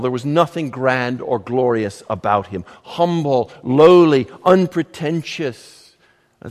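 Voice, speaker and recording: Male pastor, fairly high voice, emphatic sermon delivery with dramatic pauses, long hall reverb. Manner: emphatic, measured, dramatic pauses, rhetorical questions.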